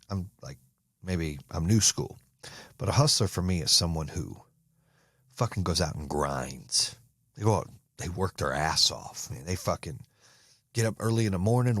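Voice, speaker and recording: A man's voice: deep voice, husky, no echo, clean studio sound. An American man hosting a podcast, delivering an intense, profane motivational monologue. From United States. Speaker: podcast host.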